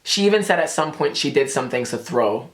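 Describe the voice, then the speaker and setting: Young guy, fast-talking storyteller, salty mouth. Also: medium pitch. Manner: rapid, animated, heavy swearing. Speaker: vlogger. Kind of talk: casual storytime.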